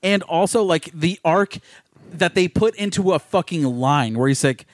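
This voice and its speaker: Young male co-host, emphatic and profane, slightly high voice, dry close recording. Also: animated, normal speed, no echo. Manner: emphatic, swears a lot. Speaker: podcast co-host. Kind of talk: casual movie chat.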